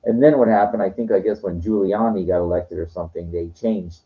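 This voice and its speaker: A man's voice: low voice, fairly quick. A man telling rambling stories in a casual monologue, swearing now and then. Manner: rambling, profane storytelling. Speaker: vlogger. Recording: dull lo-fi recording.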